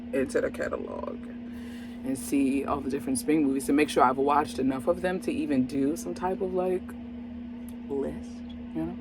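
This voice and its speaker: A woman's voice: low-pitched, background noise. A woman hosting her own movie review channel, talking casually to camera in an exuberant, exclamatory way, laughing often and addressing viewers directly. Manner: chatty, talks straight to viewers.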